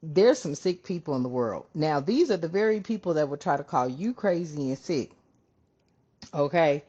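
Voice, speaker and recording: Low-voiced casual female card reader, lively swings, muffled home recording. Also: normal speed, husky. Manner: chatty, swears freely, calls viewers family. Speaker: tarot reader. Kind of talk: casual spiritual channel talk. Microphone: camera on her hands. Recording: dull lo-fi sound.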